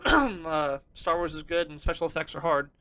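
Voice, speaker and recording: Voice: mid-range voice, moderate pace, sharp tone, no room sound. A podcast co-host in loose, casual conversation, rambling and swearing freely and laughing often. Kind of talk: casual chat.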